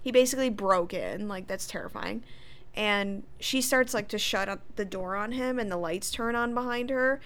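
A woman's voice: mid-range voice, normal speed, fairly bright tone. A young woman co-hosting a casual podcast, animatedly retelling TV scenes and acting out the lines. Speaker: podcast co-host recapping a TV episode. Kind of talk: casual chat.

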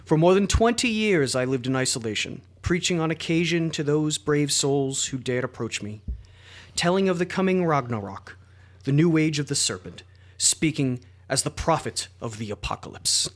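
A man's voice: a little high, animated, normal speed, close to an everyday voice. A man putting on a Russian accent to voice a solemn, brooding old mystic prophet in a dramatic podcast reading. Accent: put-on Russian.

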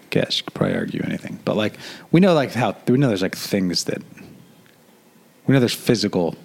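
A man co-hosting a podcast, joking and animated in casual chat. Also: on the low side, moderate pace, creaky, long pauses. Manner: jokey, animated, says dude a lot. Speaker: podcast co-host.

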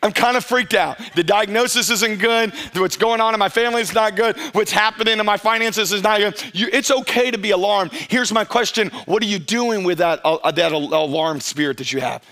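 A middle-aged male pastor preaching a conversational sermon, drawing out key phrases slowly for emphasis and acting out the voices of churchgoers. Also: high voice, bright, forceful tone.

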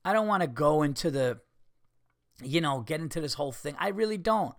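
A man's voice: on the high side, lively intonation, brisk, vocal fry, no echo, clean studio sound. A man hosting a podcast, telling a story casually and animatedly, swearing, acting out what people said and making sound effects. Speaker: podcast host and comedian.

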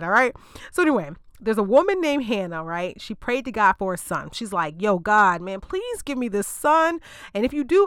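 A woman's voice: mid-range voice, fairly bright tone, clean tone, no room sound, clean studio sound. A woman podcast host retelling a Bible story in casual slang, with joking asides to her listeners.

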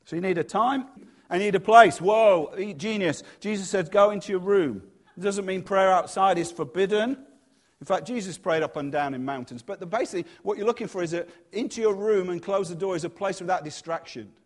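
A male church leader preaching in a lively, conversational way, with humorous asides and quieter moments on softer points. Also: high-pitched, a little fast. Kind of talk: sermon.

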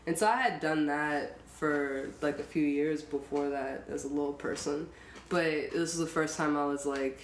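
A woman hosting a podcast, telling stories in a relaxed, casual way and laughing easily. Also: low-pitched, normal speed. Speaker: podcast host. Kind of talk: casual conversation. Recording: roomy echo, faint noise.

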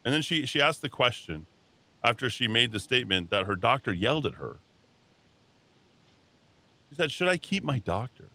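A man's voice: mid-range voice, lively intonation, normal speed, long pauses, pushed and bright. A man hosting a talk radio show, delivering a heated, combative monologue in a radio studio. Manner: combative, heated, mocks callers with put-on voices.

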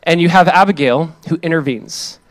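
A young male pastor delivers a sermon, slipping into a lively personal story with quick asides and voiced quotes. His voice sits fairly high for a man. The sound is dry and close, with little room around it. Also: dry recording.

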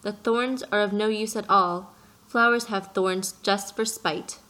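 A woman's voice: mid-range voice, steady tone, measured pace, pushed and bright, low-quality recording. A woman voicing a busy adult pilot who answers curtly and distractedly in an audiobook reading. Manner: curt, distracted replies. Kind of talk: audiobook character voice.

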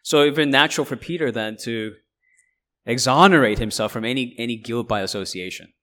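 A man teaching through a Bible passage in a relaxed, conversational way, at an ordinary middle pitch. He paraphrases in lively asides and keeps checking in with his listeners. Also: fairly quick. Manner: conversational, checks in with frequent "right?".

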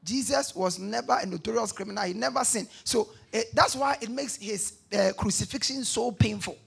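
A man preaching a sermon, reading scripture aloud and calling on the congregation to answer back, rising to shouts at the peaks. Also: high-pitched, normal speed, vocal fry, husky. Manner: call-and-response, shouting at peaks.

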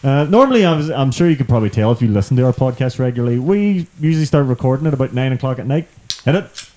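A rambling man hosts a casual podcast from a room at home. His voice is mellow and relaxed and sits in a middle pitch. He laughs often as he chats. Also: fast talker. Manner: rambling, chatty, laughs a lot. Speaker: podcast host. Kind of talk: casual chat. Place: indoor room, apartment.

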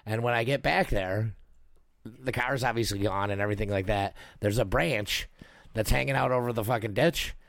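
A man's voice: fairly low pitch, normal speed, gravelly, no room sound, clean studio sound. A young man casually telling a wild story, swearing a lot and acting out the voices of the people in it. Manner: animated, swears a lot, acts out voices while telling stories.

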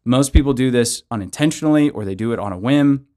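Pastor guy chatting through a bible lesson, earnest, mid pitch, keeps saying right. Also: lively intonation, fast, warm tone. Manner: earnest, with frequent tag questions of "right?"; counseling tone, gives practical relationship advice. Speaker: pastor and show host. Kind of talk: conversational Bible teaching.

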